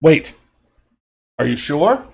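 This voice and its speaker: Brief: man putting on a creepy male owl showman, shrill and showy, for a tabletop game. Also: sing-song, slow, creaky, a little mellow, husky, full character voice. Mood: haughty. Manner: theatrical, high-pitched and grandiose.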